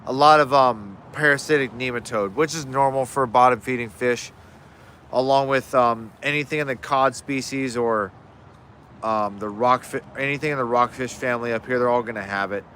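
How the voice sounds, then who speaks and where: A man's voice: medium pitch, moderate pace, a bit bright, slight background noise. A man hosting a casual fishing livestream from his yard, rambling through viewer questions with frequent restarts. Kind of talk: casual live Q&A chat.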